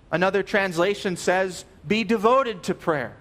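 High-voiced earnest male preacher. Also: moderate pace, hardly any pauses, a bit bright. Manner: earnest, emphatic, repeats key phrases. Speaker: pastor. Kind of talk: sermon.

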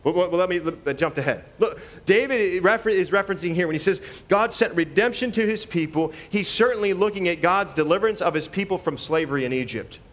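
A man preaching a sermon in a conversational, animated way, often repeating phrases as he walks through scripture. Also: high-pitched, fast talker, hardly any pauses.

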